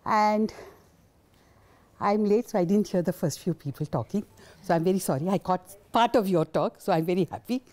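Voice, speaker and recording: A woman's voice: lowish voice, moderate pace, a little mellow. An older woman, giving a passionate, indignant conference talk. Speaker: invited speaker.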